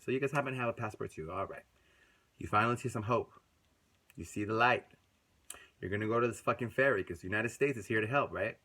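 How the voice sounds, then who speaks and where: Man, angry casual commentary, lots of swearing, swings between loud and quiet. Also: medium pitch. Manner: profane, ranting, swings loud and soft. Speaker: video commentator.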